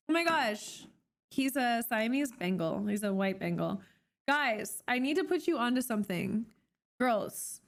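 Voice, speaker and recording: A young woman from Canada chatting casually on a live stream, rambling with many fillers and restarts. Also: on the high side.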